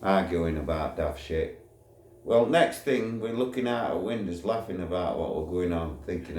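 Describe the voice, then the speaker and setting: A man's voice: sits low, moderate pace, darkish tone. A man telling a blunt, swear-filled story from his past in a casual, storytelling way. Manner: blunt, swears freely, laughs at his own memories. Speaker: former prisoner recounting a riot. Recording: echoey room, faint background noise.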